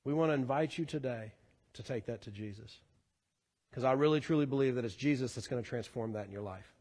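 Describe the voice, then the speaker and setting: A man preaching a sermon as pastor, earnest, rising to fervent emphasis and sinking low again. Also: fairly quick, a little mellow. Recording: long hall reverb.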